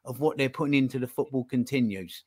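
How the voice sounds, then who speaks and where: A man talking casually as a podcast guest, animated, acting out little dialogues as he makes his point. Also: medium pitch, quick pace. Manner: animated, acts out phone calls in put-on voices.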